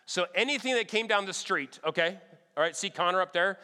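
A man preaching a sermon, telling lively stories in an animated way and checking in with his listeners again and again. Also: high voice, brisk, clean tone. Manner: animated, checks in with "all right?" often. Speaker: pastor. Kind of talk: storytelling sermon. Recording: long hall reverb.

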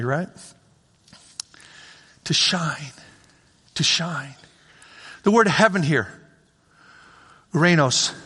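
A man's voice: fairly high pitch, bright, forceful tone. A man preaching a sermon as pastor, in a conversational way that repeats phrases for emphasis. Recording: long reverb of a large hall.

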